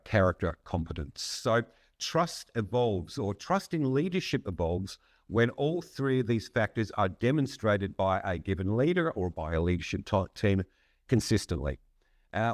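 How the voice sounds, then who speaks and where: A man, a psychologist and consultant explaining ideas in a measured, conversational way with frequent hesitations. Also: on the low side, no echo, clean studio sound. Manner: measured, frequent "um" and restarts, occasional laugh. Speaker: psychologist and consultant, podcast guest.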